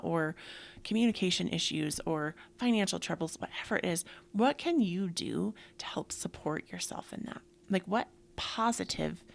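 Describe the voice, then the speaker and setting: A middle-aged woman hosting a casual motivational talk, breathy and often dropping into soft whispers, with many filler words. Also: mid-range voice. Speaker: yoga podcast host.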